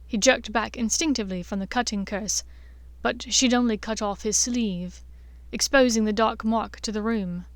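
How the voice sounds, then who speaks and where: A woman narrating a fan-fiction audiobook in a measured, expressive reading. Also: fairly high pitch, no room sound.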